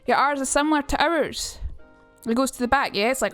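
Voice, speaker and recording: Young Scottish woman, casual streamer, talkative and swears a lot, high-ish voice, faint music under her. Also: fairly quick, a bit bright, clean tone. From Scotland. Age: young adult. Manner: chatty and sweary, reading chat aloud. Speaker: streamer teaching accents.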